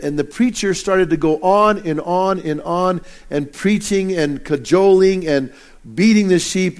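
A man's voice: a little high, darkish tone. A middle-aged man preaching a casual, joking sermon as pastor, stumbling and restarting often. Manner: folksy, joking, many restarts. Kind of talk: conversational sermon.

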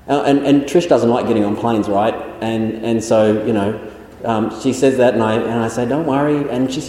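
A man's voice: medium pitch, normal speed, warm tone. An Australian man preaching a sermon as pastor, earnest and questioning, often repeating his key phrases. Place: church hall. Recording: echoey hall with long reverb.

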